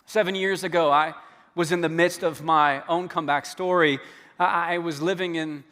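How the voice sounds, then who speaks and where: Pastor, male, high voice, lively sermon delivery with restarts, echo of a church hall. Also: normal speed. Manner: animated storyteller who acts out the quoted dialogue, with stammered restarts.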